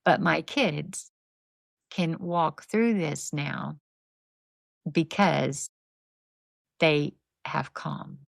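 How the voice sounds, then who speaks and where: This podcast guest, a middle-aged woman who founded a nonprofit, has a deep voice with drawn-out words, vocal fry and frequent pauses, recorded without echo. In relaxed conversational storytelling, she animatedly recounts faith-based stories and acts out quotes.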